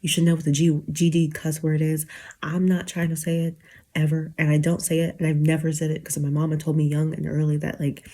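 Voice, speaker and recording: A young woman in her twenties talks straight to her viewers in a loose, rambling late-night rant, full of fillers and restarts. She is close to tears and keeps fighting to hold it together. Her voice is mellow and a little husky. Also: sits low, level tone, brisk. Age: 20s. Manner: emotional, on the verge of tears, rambling with many fillers. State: teary, holding back tears. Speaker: YouTuber.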